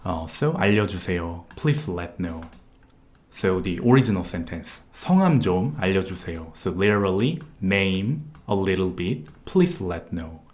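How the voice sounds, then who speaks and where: A man's voice: low-pitched, lively intonation, moderate pace. A man with a Korean accent, a native Korean speaker, teaching a live online language lesson with patient, repetitive explanations and frequent "uh" fillers.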